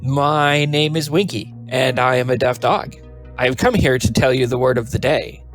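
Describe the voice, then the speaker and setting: Man doing a deaf female cow dog, cheeky, energetic, boastful, medium pitch. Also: normal speed, soft background music, lightly acted. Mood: pompous. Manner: boastful, playful diary-entry voice.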